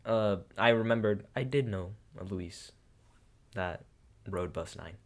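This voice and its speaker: Young male co-host, lower voice, laid-back and halting delivery. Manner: hesitant, filler-heavy. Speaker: podcast co-host. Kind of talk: casual chat.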